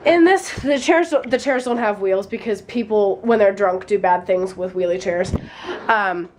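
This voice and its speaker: A woman's voice: medium pitch, measured pace, a little hiss or hum, low-quality recording. A young woman, a college student, chatting casually and rambling through a vlog tour of her dorm room, sounding a little tired. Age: young adult. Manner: chatty and rambling, with many fillers.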